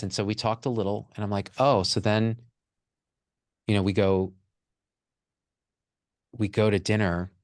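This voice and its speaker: A man's voice: fairly low pitch, dry recording, studio quality. A man telling a raw personal story with candid emotion, swearing freely as a podcast guest.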